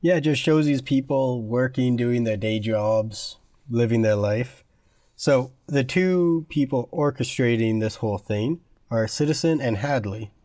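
Young guy on a podcast breaking a movie into parts, mid-pitch, dry sound. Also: unhurried, dark tone, no room sound. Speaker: podcast co-host. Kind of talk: casual chat.

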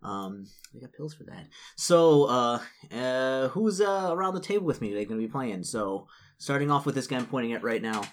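A man's voice: medium pitch, lively intonation, moderate pace. A man with a cold, running a tabletop game as game master, rambling with lots of fillers. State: groggy from a cold. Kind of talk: casual tabletop game chat.

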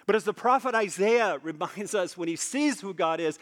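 A man preaching a sermon, emphatic, repeating phrases for stress and slowing low on key points. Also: expressive, fairly bright tone, long reverb tail.

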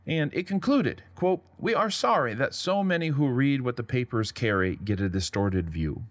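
Male podcast host, lower voice, animated and wry storyteller, dry close-mic recording. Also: normal speed, dry recording. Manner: wry, conversational, reads quotes aloud. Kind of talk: scripted history narration.

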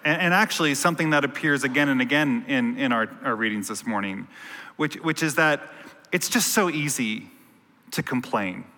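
Bright-voiced priest in a reverberant church. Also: male voice, mid-range voice, moderate pace. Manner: casual, joking, storytelling with quoted asides. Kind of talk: conversational sermon.

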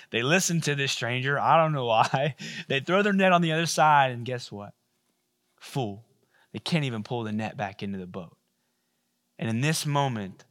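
A male pastor preaching a sermon, retelling the story in a casual, animated way with playful asides. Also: mid-range voice.

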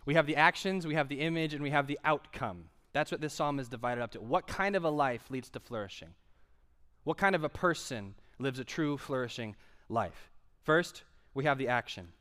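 A man's voice: medium pitch, moderate pace, a bit bright. Man preaching in a reverberant hall. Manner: conversational, asks the congregation questions. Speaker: pastor. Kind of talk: sermon.

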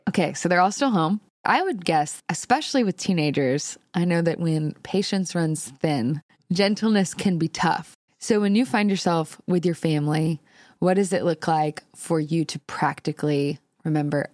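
A woman's voice: lowish voice, normal speed, darkish tone, no room sound, studio quality. A woman hosting a podcast, asking friendly, curious questions. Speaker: podcast host. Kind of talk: casual interview.

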